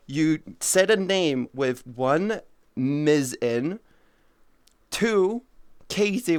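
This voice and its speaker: A playful woman in her early thirties talks casually to her stream audience, teasing them and swinging from bright squeals to low mumbles. Her voice is smooth and clear, and her talk is slow and drawn out. The sound is dry and close, with no room echo. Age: 30s. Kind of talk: casual chat with viewers.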